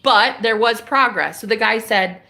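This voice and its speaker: Bright-voiced woman streamer telling a story. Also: a little high, a little slow, vocal fry. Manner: animated, acts out phone calls in quoted voices. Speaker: livestream host. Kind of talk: casual spiritual storytelling.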